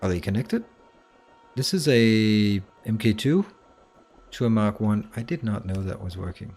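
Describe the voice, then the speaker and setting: A man's voice: lowish voice, lively intonation, a little slow, darkish tone. Man muttering through live gameplay. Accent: Danish. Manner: muttering to himself, exasperated outbursts. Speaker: game streamer.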